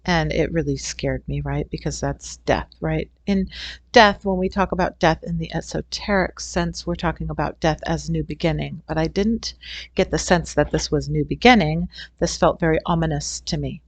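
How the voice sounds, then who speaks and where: A woman's voice: sits low, normal speed, no room sound. A middle-aged woman, a holistic healing teacher, telling a personal story in an earnest, rambling way. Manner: rambling, earnest, with frequent restarts. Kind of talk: casual storytelling talk.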